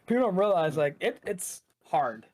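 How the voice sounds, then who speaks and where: A man, an esports shoutcaster, chatting casually as a guest in a loose, rambling way full of "like". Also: sits high, very animated, moderate pace. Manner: loose, rambling, heavy use of "like". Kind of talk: casual podcast chat.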